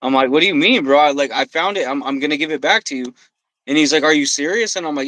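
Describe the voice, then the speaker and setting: A man telling a story on a podcast, swearing freely and quoting himself and others in an animated way. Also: a little high, fast, no room sound, low-quality recording. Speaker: podcast guest. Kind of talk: casual storytelling. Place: podcast studio.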